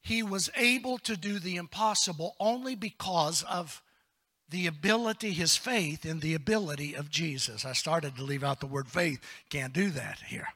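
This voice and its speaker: A male pastor delivers a sermon, alternating between quiet, whispered lines and loud, shouted passages while calling on the congregation to respond. His voice is fairly high and his pace is normal.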